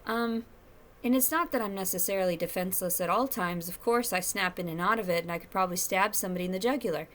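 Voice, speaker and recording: A woman's voice: medium pitch, fast talker, fairly bright tone. A woman talking to camera at home in a rambling, profane, confessional monologue. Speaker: vlogger. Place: at home, indoors.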